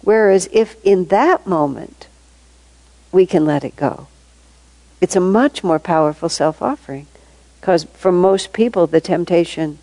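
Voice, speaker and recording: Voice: mid-range voice, darkish tone, dry recording, rough recording. A spiritual teacher giving a reflective talk to devotees, thinking aloud with restarts and repeated words, chuckling between points. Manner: thoughtful, halting, frequent restarts and repeated words.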